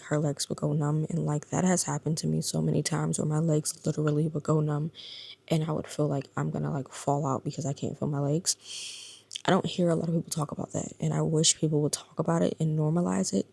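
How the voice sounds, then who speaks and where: A woman's voice: sits low, dark tone, no echo. A woman in her thirties talking casually to her vlog audience, exhausted and in pain, tired and confiding, sometimes sinking to a whisper. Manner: tired, subdued and confiding, drifting into breathy whispers. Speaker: vlogger. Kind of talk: casual personal vlog talk.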